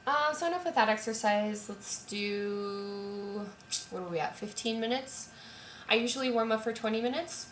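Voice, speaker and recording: A young woman voice teacher calmly explaining and demonstrating a vocal warm-up at home. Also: fairly high pitch, normal speed, slight background noise. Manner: calm, explanatory, sings scale demos. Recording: roomy echo, voice from a distance, piano. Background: piano.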